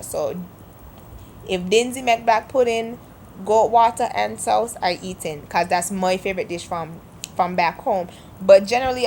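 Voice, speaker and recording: A woman's voice: medium pitch, slight background noise. A woman from Saint Kitts with a Kittitian accent, chatting casually to the camera in an accent tag video. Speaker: vlogger.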